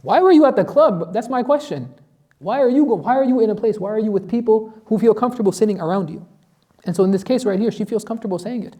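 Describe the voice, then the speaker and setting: A man's voice: high voice, quick pace, mellow. A man teaching a Quran lesson as an imam, asking his class questions and reciting Arabic verses.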